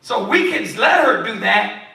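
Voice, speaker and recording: A man preaches in a high, bright voice, animated and pointed, acting out little quotes. The mic sits some way off, so he is heard from a distance in a very echoey room. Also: measured pace, gravelly. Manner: animated, preachy, acts out quotes of kids and parents. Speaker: Bible study teacher. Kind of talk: sermon-style teaching.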